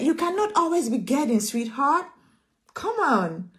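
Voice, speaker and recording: High-voiced emphatic woman preacher. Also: sing-song, measured pace, fairly bright tone. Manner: emphatic, repeats phrases, calls listeners sweetheart. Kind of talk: sermon.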